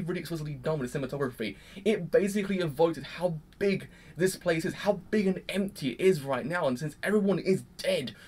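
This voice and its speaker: A man giving a casual, rambling review of an anime episode, excitable and full of fillers. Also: a little high. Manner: rambling and excitable, heavy use of "like".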